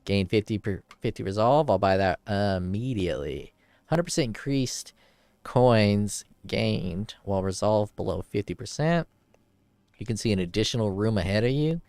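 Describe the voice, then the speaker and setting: A man casually commenting on his gameplay as a streamer. He swears freely, gets excited, and reads item text aloud. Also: on the low side, normal speed, no echo. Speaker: game streamer.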